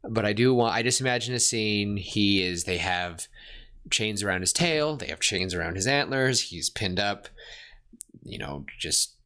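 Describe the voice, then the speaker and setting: A man co-hosting a podcast, brainstorming a fantasy story in casual chat and excitedly acting out the characters' lines. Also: on the low side. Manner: excited, acts out characters' lines in quick bursts. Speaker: podcast co-host.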